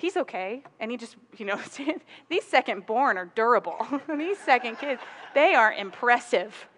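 Brief woman pastor in her thirties, chatty sermon delivery with frequent laughs, slightly high voice. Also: animated, moderate pace. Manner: warm storytelling, laughs often, conversational. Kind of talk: sermon with personal story.

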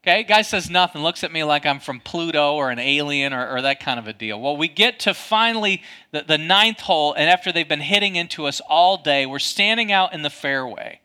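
Booming, high-voiced storytelling pastor. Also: male voice, animated, fairly quick, hardly any pauses, clear, resonant tone. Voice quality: loud, booming voice. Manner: storytelling, dramatic, self-mocking. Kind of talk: sermon with personal story.

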